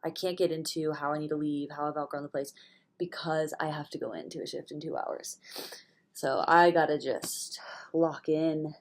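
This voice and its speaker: A young woman with a low voice speaks steadily at a normal speed in a casual vlog monologue about her spiritual views. She rambles candidly and swears freely, and being hungover and stuffy-nosed, she sometimes slips into a whisper.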